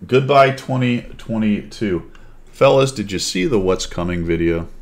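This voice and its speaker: A man's voice: fairly low pitch, expressive, normal speed, a little hiss or hum. A man hosting a casual chat, rambling and thinking aloud. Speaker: host.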